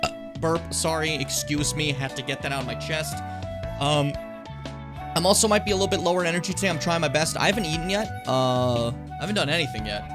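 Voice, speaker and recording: A man's voice: fairly high pitch, fast, over music. Rambling, self-mocking young male streamer. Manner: rambling, self-mocking, frequent swearing and fillers. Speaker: streamer, host of his own channel. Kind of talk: casual gaming-stream chat.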